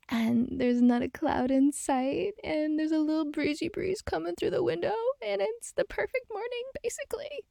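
A young woman in a whispered role-play as a girlfriend, talking softly with playful giggles. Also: high voice, moderate pace, vocal fry, hardly any pauses, dry recording, studio quality.

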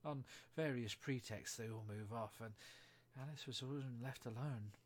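Husky-voiced man reading a storybook aloud. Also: mid-range voice, a little slow. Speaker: reader.

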